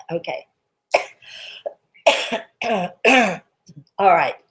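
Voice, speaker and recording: A hoarse woman with a cough, hosting a live spiritual Q&A, chatty and reassuring, calling listeners darling. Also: mid-range voice, animated, very slow, fairly bright tone. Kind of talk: live-stream chat answering viewers.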